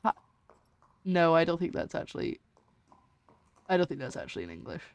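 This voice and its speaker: A woman's voice: lowish voice, very animated, a little fast. Giggly rambling woman streamer. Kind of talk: casual game commentary.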